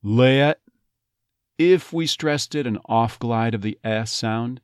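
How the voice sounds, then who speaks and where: A man teaching pronunciation, breaking words into their sounds and saying them slowly as examples. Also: mid-range voice, clear, resonant tone, no room sound, studio quality. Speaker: accent coach. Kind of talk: phonetics lesson.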